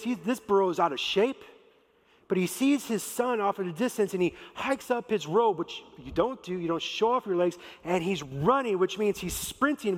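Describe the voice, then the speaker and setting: High-voiced preacher in a big hall. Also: male voice. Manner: animated storytelling with casual slang. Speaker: pastor. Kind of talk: sermon. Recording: reverberant large hall.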